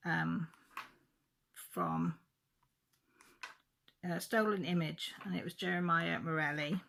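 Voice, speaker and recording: A woman's voice: on the low side, creaky, fairly bright tone. A middle-aged woman chatting casually on her vlog, telling a story in a rambling, emotional way with many restarts. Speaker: diamond painting vlogger. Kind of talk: casual chat.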